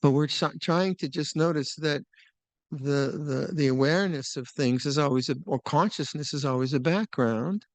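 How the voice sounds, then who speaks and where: An older man teaching meditation at a retreat, talking in a relaxed, musing way with small laughs and restarts. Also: fairly high pitch, moderate pace, dry recording. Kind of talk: Dharma talk at a retreat. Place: retreat hall.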